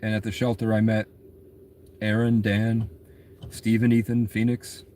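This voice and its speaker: A man's voice: fairly low pitch, monotone, unhurried, dark tone, a little hiss or hum. Rambling, profane young man telling stories. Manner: rambling, profane, laughs at his own stories. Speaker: musician telling his own story. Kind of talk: rambling monologue rant.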